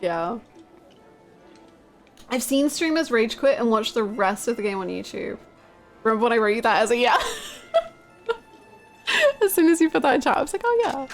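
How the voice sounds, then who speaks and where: Animated British woman streamer. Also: on the high side, moderate pace, long pauses, soft background music. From United Kingdom. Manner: animated, laughing storytelling, reading chat aloud. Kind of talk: casual live-stream chat with viewers.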